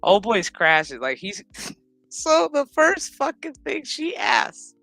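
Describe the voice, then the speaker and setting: A man's voice: very high voice, wildly swooping pitch, takes it slowly, gravelly, pushed and bright, no room sound, faint music behind. A man casually recapping a TV episode, rambling and swearing while acting out what the characters say. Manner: profane, rambling retelling that acts out quotes. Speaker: show recap vlogger.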